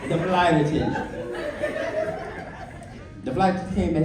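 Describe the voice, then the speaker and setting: A man's voice: on the high side, normal speed, loud music behind the voice. A man performing a stand-up comedy set, telling stories animatedly and acting out the voices of people in them. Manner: animated storytelling, acts out quoted voices. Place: comedy club stage. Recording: echoey venue, distant mic, loud crowd.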